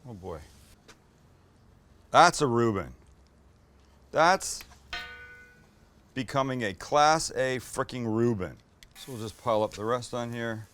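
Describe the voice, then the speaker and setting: A man's voice: lowish voice, fairly bright tone. A middle-aged man hosting a cooking show, talking casually and enthusiastically while he cooks, cracking jokes and swearing a little. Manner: enthusiastic, joking, mildly profane. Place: kitchen with a flat-top grill.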